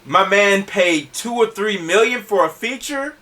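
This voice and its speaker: Heard through a distant mic, this podcast host speaks in a high voice at a slightly slow pace. He's animated and laughs a lot, often stammering and restarting as he stumbles through his words in casual conversation.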